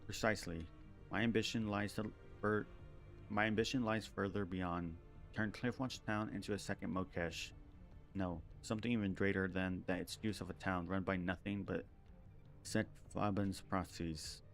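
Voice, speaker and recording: A bitter young would-be villain, ambitious and sneering, full of resentment, voiced by a man reading game dialogue on stream. His voice runs low and deep, laced with scorn. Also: steady tone, moderate pace, creaky, faint music behind. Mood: scornful.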